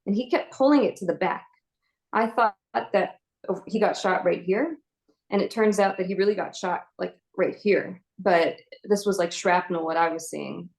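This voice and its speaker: A young adult woman giving an earnest personal testimony as an inspirational speaker, retelling events in a halting way with fillers. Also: mid-range voice, creaky, darkish tone, low-quality recording.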